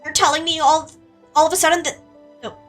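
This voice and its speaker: Girl streamer doing a scared schoolgirl, strained and pleading, bright voice with soft music under it. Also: high-pitched, flat delivery, fast talker, pitched above the performer's own voice. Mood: panicked pleading.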